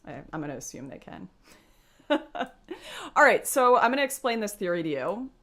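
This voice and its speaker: A woman's voice: on the high side, sing-song, normal speed, a bit bright. A young woman hosting a casual livestream, chatting to her viewers and laughing often. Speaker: livestream host.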